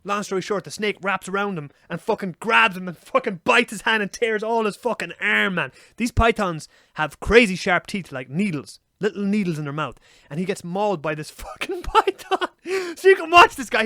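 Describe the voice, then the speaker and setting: Irish podcast co-host, young, quick and animated, salty language, dry close mic. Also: male voice, sits high, dry recording. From Ireland. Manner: animated storyteller, swears freely. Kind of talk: casual chat.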